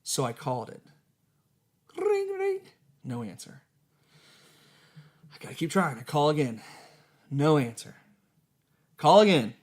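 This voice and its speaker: A man's voice: medium pitch, moderate pace, long pauses. A young man, co-host of a casual podcast, telling a story among friends and acting out the voices in it. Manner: animated, acts out quotes, laughs while telling.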